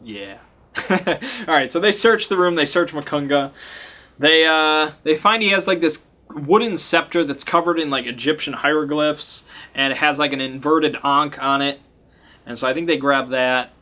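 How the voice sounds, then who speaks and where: Bright-voiced male game master recapping. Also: fairly high pitch, normal speed. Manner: chatty, acts out sound effects and lines, laughs. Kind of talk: casual recap of a tabletop game session.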